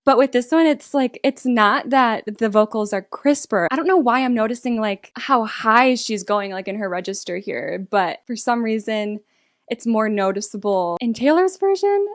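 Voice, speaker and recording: A young woman hosting a casual album reaction, thinking aloud in an excitable, rambling way with lots of fillers. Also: on the high side, no room sound, clean studio sound. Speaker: music reaction host.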